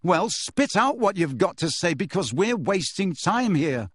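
A man's voice: high voice, very animated, a little slow, slightly rough, dry recording, studio quality, pitched above the performer's own voice, exaggerated voice. A man reading aloud and voicing an agitated teenage wizard boy who talks urgently and defensively.

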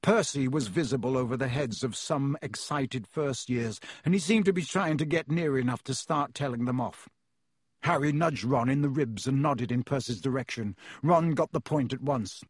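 A man narrating an audiobook in a measured, expressive storytelling style. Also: medium pitch, husky, no echo, clean studio sound. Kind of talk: scripted narration.

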